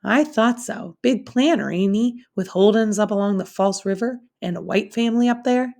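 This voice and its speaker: A woman's voice: medium pitch, moderate pace, warm tone, natural voice. A woman voicing a sneering Irish landlady. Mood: scornful. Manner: snapping, scornful drawl. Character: sneering middle-aged Irish landlady, bigoted and sharp.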